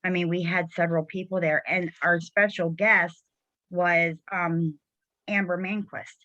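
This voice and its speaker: A middle-aged woman with a notably low voice hosts a casual chat over a video call, upbeat and encouraging. The sound is dry and close, with dull, lo-fi call audio. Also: level tone, a little slow, pushed and bright, dry recording. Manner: encouraging, enthusiastic. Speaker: host.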